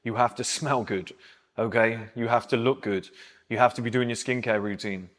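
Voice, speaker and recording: A man's voice: mid-range voice, fairly even intonation, moderate pace, fairly bright tone. A man talks bluntly and directly to his viewers, laying out firm rules in a plain, mid-range voice. The recording carries a long, ringing reverb, as if he is speaking in a large, bare room. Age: 30s. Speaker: men's self-improvement channel host. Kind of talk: advice monologue to camera.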